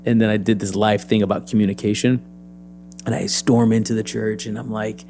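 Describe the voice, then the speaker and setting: Young adult man, low voice, interview guest, lively storytelling, acts out quoted voices. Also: moderate pace, faint music behind. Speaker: actor and PE teacher, interview guest.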